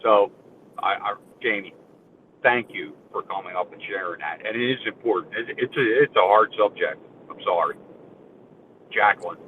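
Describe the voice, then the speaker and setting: A man's voice: fairly low pitch, moderate pace, pauses often. A man moderating an audio chat room, choked up as he thanks a speaker and passes the floor on. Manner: warm-hearted, choked up. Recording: tinny phone line with faint noise.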